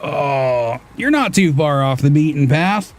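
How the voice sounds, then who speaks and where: A man's voice: a little high, animated, a little slow. A man in his thirties from Washington State, casually talking through an off-road driving game, muttering to himself and swearing now and then. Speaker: gaming streamer. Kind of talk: casual gameplay commentary.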